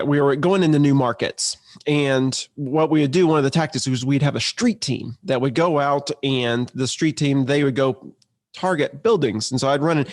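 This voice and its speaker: A man, an entrepreneur, telling a story in a conversational, lively way with restarts. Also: mid-range voice. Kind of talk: casual storytelling to camera.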